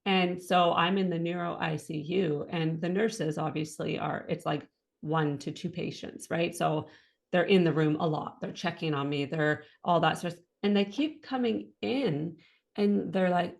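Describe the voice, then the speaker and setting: A woman in her thirties, a guest in an interview, telling her own story in lively fashion and acting out what others said and thought. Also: fairly low pitch, normal speed, vocal fry. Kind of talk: personal testimony in an interview.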